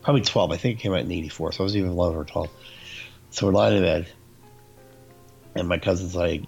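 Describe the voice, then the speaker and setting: A man's voice: low-pitched, brisk, vocal fry, pauses often, lo-fi sound, soft background music. A man in his forties, co-hosting a casual chat about movies and telling stories with laughter. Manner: storytelling, laughs often, acts out quotes.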